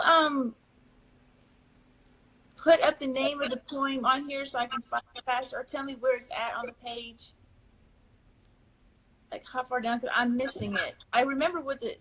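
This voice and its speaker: A woman's voice: high voice, steady tone, moderate pace, a bit bright, poor audio. A woman on a video call, reading her poetry on a livestream, flustered and apologetic as she hunts for her page. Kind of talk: casual livestream chat.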